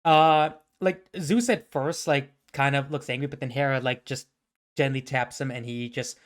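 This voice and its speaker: A man's voice: mid-range voice, moderate pace. A man narrating a tabletop game as game master, in a casual way full of "like" and laughter.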